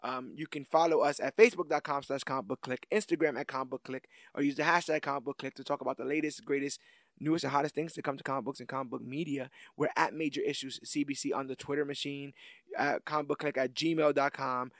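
A man's voice: medium pitch, steady tone, quick pace, a bit bright, no room sound, studio quality. A man hosting a comics podcast, wrapping up the episode with jokes and plugs in a casual, playful way. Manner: playful, joking, rambling sign-off. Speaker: podcast host.

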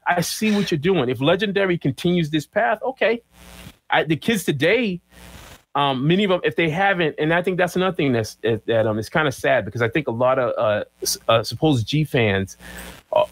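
Animated middle-aged man, a bit high-pitched. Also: fairly quick, poor audio. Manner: animated storyteller who acts out quotes and monster cries. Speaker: guest comic artist. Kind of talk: casual podcast chat.

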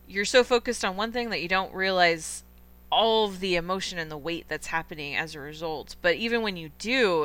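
A woman's voice: on the low side, pushed and bright. A young woman hosting a film podcast, chatting casually and enthusiastically with strong opinions. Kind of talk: casual film review chat.

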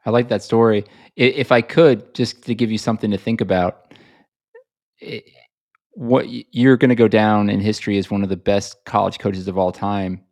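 A man's voice: fairly low pitch, steady tone, normal speed, darkish tone. A man hosting a podcast interview, speaking in a reflective, conversational way. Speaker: podcast host.

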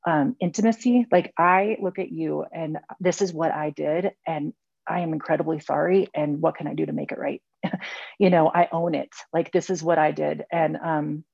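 A middle-aged woman shares her story over a video call, rambling and circling back with lots of fillers. Her voice is gravelly and a bit low. The audio is dull and lo-fi, with a dry sound. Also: a little mellow, no room sound. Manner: rambling, many fillers and restarts. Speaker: speaker sharing at a recovery meeting. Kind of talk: heartfelt personal share.

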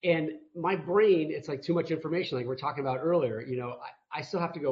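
A man's voice: on the high side, fast, few pauses. A man telling a rambling, self-mocking story as a guest on a video call interview. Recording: muffled video call audio.

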